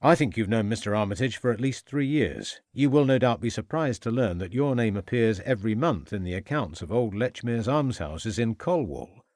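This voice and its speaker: A man's voice: fairly low pitch, animated, moderate pace, few pauses, darkish tone, no echo, clean studio sound. A man playing a stern police inspector. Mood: stern, pressing. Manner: firm, pressing, threatening. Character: stern, shrewd male police inspector interrogating a suspect. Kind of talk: audiobook character voice.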